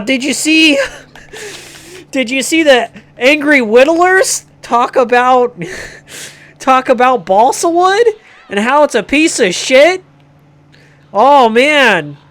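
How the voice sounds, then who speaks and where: A man voicing an excitable nerdy young man who gushes in a hardware store, squealing and giggling. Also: extremely high pitch, slow pace, voice pushed up, heavily acted. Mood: gushing. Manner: squealing, giggly, breathless gushing.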